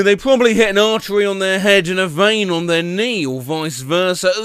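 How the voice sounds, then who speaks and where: A man's voice: high voice, bright, forceful tone, no echo, clean studio sound. A man hosting a comedy video, reading posts aloud with jokey asides. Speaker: host reading Reddit posts. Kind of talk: comedic commentary.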